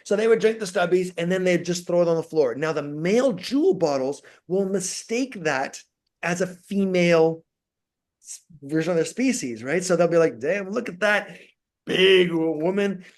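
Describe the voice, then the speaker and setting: A man who lectures at a university, a podcast guest telling stories with lively, acted-out asides. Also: high voice, normal speed. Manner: animated storyteller, acts out quotes. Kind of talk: casual interview.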